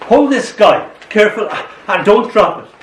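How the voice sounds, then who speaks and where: A man's voice: high-pitched, expressive, moderate pace, a little hiss or hum, voice pushed up. Fussy personified Memory, as an older man puts him on. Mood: bossy. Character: personified Memory, fussy proud male spirit. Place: small bookshop, indoors. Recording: roomy bookshop sound from a distance.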